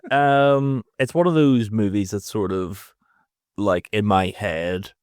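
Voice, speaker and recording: A man's voice: lowish voice, slow pace, a little mellow, clear, resonant tone, dry recording, clean studio sound. A Northern Irish man co-hosting a movie podcast, hesitant with plenty of ums and laughter. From Northern Ireland. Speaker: podcast co-host. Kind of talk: casual movie review chat.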